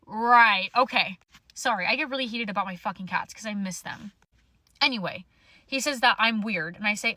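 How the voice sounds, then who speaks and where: A woman's voice: medium pitch, normal speed, bright, forceful tone, dry recording. A young woman telling a storytime to her phone camera in an angry rant, swearing bluntly. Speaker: social media storyteller.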